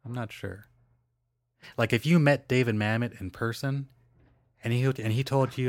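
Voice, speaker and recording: A man's voice: medium pitch, moderate pace, no echo. A man hosting a solo podcast, chatting casually in a rambling, digressive way with lots of fillers and self-corrections. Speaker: podcast host.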